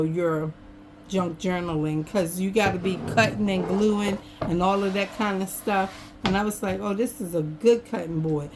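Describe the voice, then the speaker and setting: A woman with a lowish voice chats casually with her viewers from her home craft table, in a folksy, talkative style. She's a craft vlogger recorded by a camera on a tripod over the table, with slight background noise.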